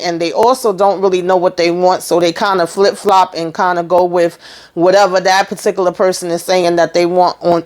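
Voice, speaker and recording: A woman recapping a TV episode in a casual, emphatic way, tagging her sentences with "you know" and "okay". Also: on the low side. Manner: chatty, emphatic, acts out characters' lines. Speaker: TV recap host.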